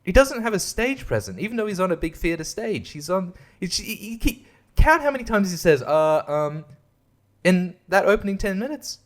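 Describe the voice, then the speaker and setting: A man's voice: high voice, sing-song, brisk. A man hosting a podcast, ranting in a casual, sarcastic way with lots of swearing and laughs at his own jokes. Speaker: podcast host and comedian.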